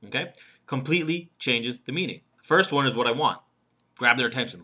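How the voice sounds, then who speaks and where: A man's voice: mid-range voice, lively intonation, brisk, pushed and bright, breathy edge. A man, a professional speaker and humorist, giving an instructional talk on delivery, leaning hard on key words and checking in with the listener. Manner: emphatic, stresses single words to demonstrate; conversational, checks in with "okay?".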